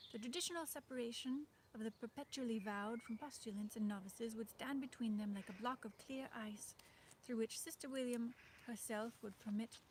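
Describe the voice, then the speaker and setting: A woman putting on the voice of a refined 1950s film actress while reading a novel aloud, measured and lilting, with soft whispered endings to phrases. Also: fairly high pitch, slight background noise, natural voice. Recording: birdsong in the background. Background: birdsong.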